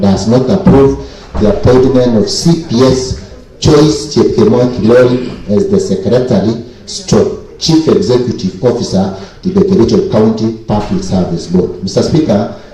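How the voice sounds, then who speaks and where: A man from Kenya delivers a formal committee report in a county assembly, working "Mister Speaker" into nearly every phrase. His voice is low and dark. He sits back from the microphone in a very echoey chamber. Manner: repeats 'Mister Speaker' constantly, formal and deliberate. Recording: echoey chamber, distant mic.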